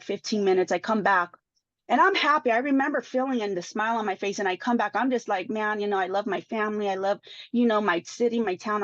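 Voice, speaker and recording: A woman's voice: mid-range voice, no room sound. A woman speaking as a podcast panel guest about her own experience, emotional and full of restarts and repeated words. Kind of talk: personal testimony in a podcast panel. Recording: dull lo-fi dry sound.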